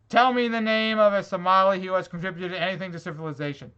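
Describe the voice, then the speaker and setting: A man's voice: high-pitched, fairly even intonation, quick pace, bright, forceful tone, clear, resonant tone, dull audio. A man reading online comments aloud in a vlog and reacting to them with sarcastic, swearing exasperation. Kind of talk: angry rant reacting to comments.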